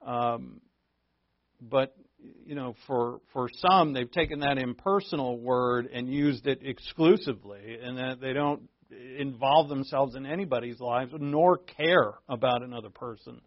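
A man preaching a conversational sermon, earnest, asking rhetorical questions and shifting from emphatic to hushed. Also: mid-range voice, unhurried, no room sound, highs cut off. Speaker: pastor.

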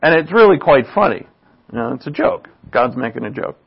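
A man's voice: medium pitch, sing-song, fairly quick, gravelly, breathy edge. A man giving an informal, chatty sermon, often checking in with the listeners by asking "right?". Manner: chatty, asks "right?" often, laughs at own asides. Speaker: preacher. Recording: dull lo-fi recording.

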